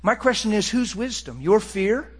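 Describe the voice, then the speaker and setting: A middle-aged man preaching a personal testimony, swinging between hushed, quiet passages and excited, impassioned bursts. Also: high-pitched, moderate pace, breathy edge, big-room sound. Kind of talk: sermon testimony.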